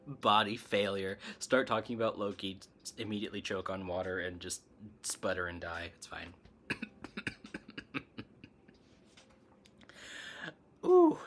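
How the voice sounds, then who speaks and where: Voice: low voice, fairly even intonation, slow, pauses often, pushed and bright. Giggly rambling stream host with hiccups, casual live chat, bit of hiss. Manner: giggly, rambling, laughs often. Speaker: spiritual livestream host.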